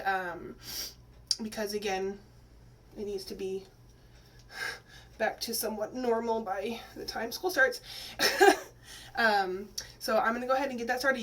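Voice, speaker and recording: A woman's voice: medium pitch, a bit bright. A woman from Texas, a teacher, casually talking through a hair-dye tutorial in a rambling way with lots of fillers. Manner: chatty, rambling, many fillers and restarts. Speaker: teacher and vlogger. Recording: slightly distant mic, faint room noise.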